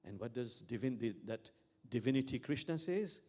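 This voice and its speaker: Man, imam, sermon, reflective, storytelling, repeats key phrases, mid-pitched voice. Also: expressive, moderate pace, hardly any pauses, a little mellow.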